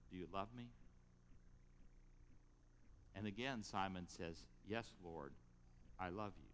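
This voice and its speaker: A man preaching a sermon as pastor, retelling a story with lively rises and drops in his voice. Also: on the low side, long reverb tail, slight background noise. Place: church sanctuary.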